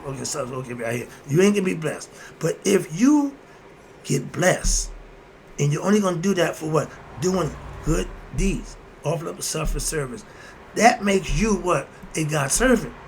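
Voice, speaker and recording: With a slightly high voice, lively intonation, and vocal fry, a man talks at a moderate pace over a little hiss or hum. He hosts an informal, preachy philosophical monologue, answering his own questions, chuckling often, and repeating "moving on" between points.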